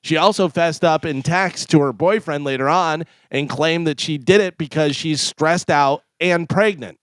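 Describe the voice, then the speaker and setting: A man co-hosting a radio show, chatting and briskly reading out a news story on a studio mic. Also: on the high side, smooth, no echo. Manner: reads facts briskly with chuckles. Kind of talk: casual radio banter and reading a news item. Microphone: studio microphone.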